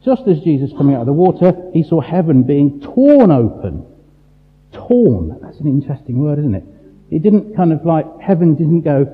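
A man preaching a sermon, emphatic and full of rhetorical questions and dramatic pauses. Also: a little high, very animated. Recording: tinny phone-like sound in a large reverberant hall.

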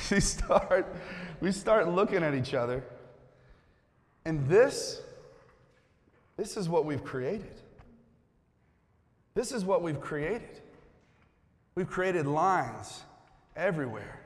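A man's voice: fairly high pitch, animated, slow pace, long pauses. A man preaching as a pastor, coaxing his congregation to join in, then turning earnest. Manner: playful, coaxing the crowd, then earnest and quiet. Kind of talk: sermon with audience participation. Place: church sanctuary. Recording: long hall reverb.

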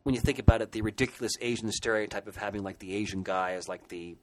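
Man retelling comic lore, low voice. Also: fairly even intonation, fast, rough recording. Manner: enthusiastic, rambling retelling with frequent restarts. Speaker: podcast co-host. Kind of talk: casual podcast discussion.

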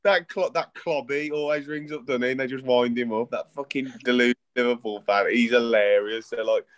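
Man, laid-back casual chat, video call, middle pitch. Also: fairly even intonation, moderate pace. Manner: laid-back, laughs easily. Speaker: podcast co-host.

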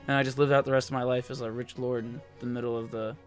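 A young man chatting on a podcast at a middle pitch. He rambles through his stories and leans on "like" between his thoughts. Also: flat delivery, fast talker, faint music behind. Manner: rambling, fills with "like". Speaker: podcast co-host. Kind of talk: casual chat.

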